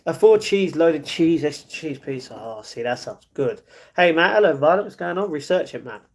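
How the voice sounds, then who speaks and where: A man's voice: a little high, expressive, normal speed. A man live streaming, chatting casually and reading viewer comments aloud, often laughing.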